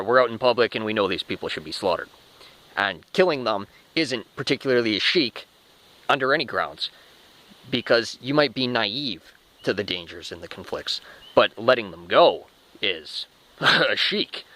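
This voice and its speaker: Short of breath, a man rambles through a spoken monologue, restarting often and swearing casually. His voice is medium-pitched, bright, and forceful with lively intonation at a normal pace, on a low-quality recording.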